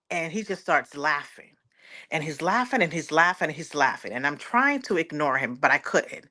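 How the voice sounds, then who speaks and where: A woman's voice: on the low side, bright, forceful tone. A woman, a guest giving an earnest personal testimony and often quoting others aloud. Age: 40s. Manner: earnest, repeats words, quotes others aloud.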